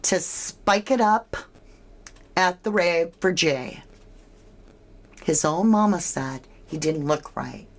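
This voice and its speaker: Woman, true crime commentator, low voice, unhurried delivery, speculative casual talk. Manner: animated, speculative, asks the listener questions.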